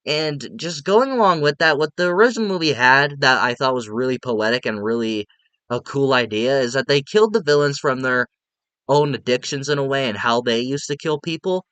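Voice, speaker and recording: Bright, clear-voiced male film reviewer. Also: mid-range voice, a little fast, no echo. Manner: rambling, repeats himself, laughs at what he reviews. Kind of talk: casual video review.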